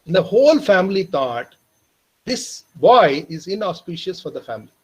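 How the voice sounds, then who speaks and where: Earnest husky Indian man telling a story. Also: sits high, sing-song, low-quality recording. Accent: Indian English. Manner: earnest, addresses listeners as "my dear friends"; slows and softens for emotional moments. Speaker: teacher trainer. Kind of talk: storytelling lecture. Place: online training session.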